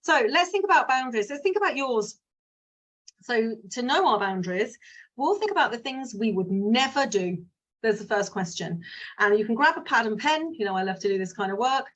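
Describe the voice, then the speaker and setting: Her voice is a little high, animated and a bit bright, at a normal speed, though the recording is dull. She's a business mindset coach in a frank, chatty solo talk to viewers that keeps wandering into side stories.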